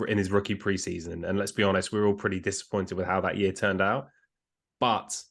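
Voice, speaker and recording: A man's voice: lowish voice, fairly bright tone. A man on a sports podcast, politely apologizing for cutting in and talking with hesitant fillers. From United Kingdom. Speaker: podcast co-host. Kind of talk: casual sports podcast chat.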